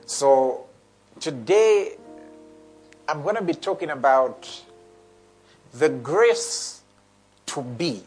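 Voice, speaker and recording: A male pastor preaching a sermon, repeating key phrases for emphasis and reading scripture aloud slowly. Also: mid-range voice, animated, a little mellow, husky, faint music behind, poor audio.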